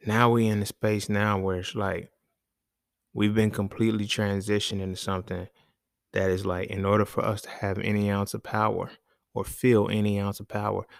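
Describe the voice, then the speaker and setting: Blunt, low-voiced man in casual monologue. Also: vocal fry, dry recording, clean studio sound. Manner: blunt, profane, repeats "you feel me". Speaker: podcast host.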